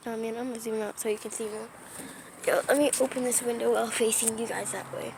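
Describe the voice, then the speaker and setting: A woman's voice: on the high side, steady tone, fast talker, creaky, a little mellow, slight background noise. Chatty young woman vlogging a storm. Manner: chatty, apologetic, often dropping to a whisper. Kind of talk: casual vlog narration. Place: indoors by a window during a storm. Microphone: phone or tablet camera.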